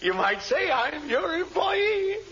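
An actor playing a fawning middle-aged shopkeeper who is anxious to please, in 1940s radio acting style. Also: male voice, very high-pitched, very animated, slow, sharp tone, heavily acted. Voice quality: fawning, wildly swooping delivery. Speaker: store owner. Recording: muffled old radio recording with hiss.

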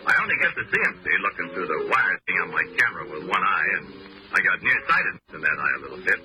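Rocco, wisecracking press photographer. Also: male voice, deep voice, sing-song, fast talker, background noise. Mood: wry. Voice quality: tough street slang, wisecracking. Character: streetwise wisecracking male newspaper photographer. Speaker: press photographer narrating his own story. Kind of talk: 1940s radio drama acting.

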